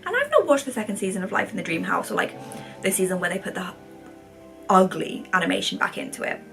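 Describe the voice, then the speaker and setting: A woman's voice: medium pitch, sing-song, fast talker, gravelly, a bit bright, faint music behind. A woman in her twenties, a vlogger, rambling through casual commentary in a chatty, sarcastic way. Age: 20s.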